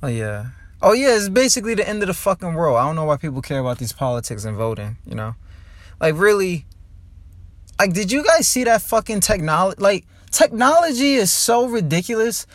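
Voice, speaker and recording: A young man from New Jersey, a stand-up comic and podcast host, ranting loudly in a rambling, profane way from a parked car and laughing at his own jokes. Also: sits high, big pitch swings, brisk, dry recording. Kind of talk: rambling comedic rant.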